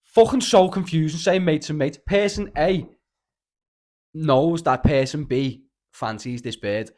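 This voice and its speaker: A man's voice: fairly high pitch, unhurried, darkish tone. A man with a Liverpool accent hosting a casual podcast, telling rambling, sweary stories and saying "lad" constantly. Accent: Liverpool (Scouse). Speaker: podcast host. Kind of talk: casual chat, storytelling.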